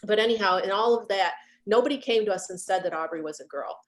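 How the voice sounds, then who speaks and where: A middle-aged woman, a guest on a video call, talking about grief in an earnest, halting way and repeating herself as she remembers. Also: medium pitch. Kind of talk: heartfelt conversation about grief.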